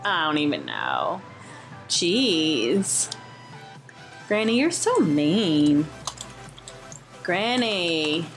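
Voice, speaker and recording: Lively, excitable young woman gamer. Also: lowish voice, very slow, pauses often. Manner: excitable, jokey, exclaims and shrieks. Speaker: gaming YouTuber. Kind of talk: Let's Play commentary. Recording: faint game music behind.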